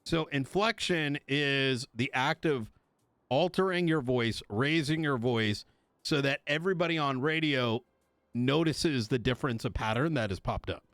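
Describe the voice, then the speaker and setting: A man's voice: mid-range voice, measured pace, fairly bright tone, no room sound. A man playing a police chief in a streamed roleplay, lecturing his officers in a blunt, profane way. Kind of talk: streamed roleplay meeting speech.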